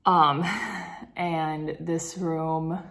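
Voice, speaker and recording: A woman's voice: deep voice, level tone, extremely slow, a bit bright. A young woman, a grade two teacher, chatting casually in a vlog and rambling with lots of fillers.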